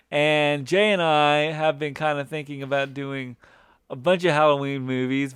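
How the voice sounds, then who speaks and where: Smooth-voiced man hosting a casual podcast. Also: on the high side, fairly bright tone, no room sound, studio quality. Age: 30s. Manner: rambling, with many restarts and fillers. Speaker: podcast host. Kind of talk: casual chat.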